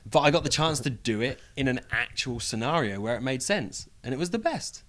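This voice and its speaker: A young man with a British accent, a wrestler chatting as a guest in an interview, playful and quick to laugh. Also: mid-range voice, lively intonation, a bit bright. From United Kingdom. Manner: playful, jokey, laughs easily. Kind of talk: casual interview chat.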